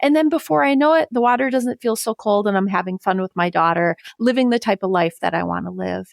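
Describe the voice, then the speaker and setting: A woman, a psychologist talking as a podcast guest, who explains calmly and reflectively with everyday examples. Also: medium pitch, quick pace, creaky, no echo, clean studio sound. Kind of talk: conversational podcast discussion.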